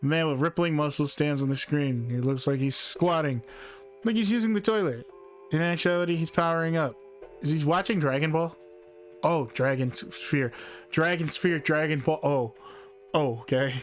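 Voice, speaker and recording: A man's voice: fairly high pitch, moderate pace, soft background music. Playful man reading a game aloud. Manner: playful, laughs while reading. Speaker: game streamer.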